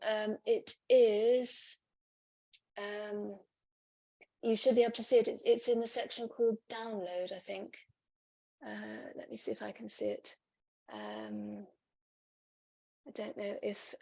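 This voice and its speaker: A woman's voice: medium pitch, vocal fry, a little mellow, no room sound. A woman presenting on a video call, reading out audience questions and answering them patiently. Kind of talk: online webinar Q&A.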